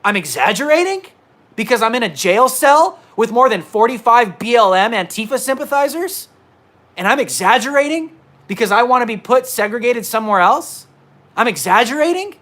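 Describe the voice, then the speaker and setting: A man's voice: very high voice, sing-song, normal speed, sharp tone. A man reporter ranting emphatically in a livestream monologue from indoors at his laptop, repeating himself. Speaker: independent reporter.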